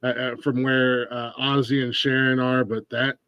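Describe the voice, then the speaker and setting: A man's voice: mid-range voice, level tone, normal speed, a crowd in the background. A man from Ohio hosting a casual podcast interview, rambling with many restarts and fillers. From Ohio, USA. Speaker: podcast host.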